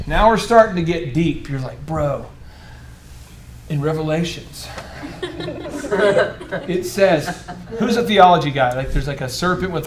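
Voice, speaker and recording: Animated high-voiced male business coach. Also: background noise. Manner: animated, joking, acts out quoted voices. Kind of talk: coaching workshop talk.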